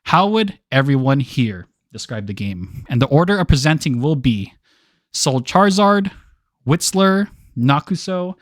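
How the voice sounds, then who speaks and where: A man's voice: mid-range voice, very animated, unhurried, no echo, clean studio sound. A man hosting a casual online game discussion, joking and laughing often as he leads the questions. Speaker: podcast host.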